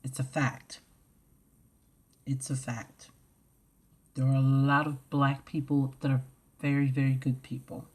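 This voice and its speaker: A woman vlogger ranting to camera, blunt and profane, swinging from loud outbursts to low mutters. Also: little pitch movement, measured pace. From United States.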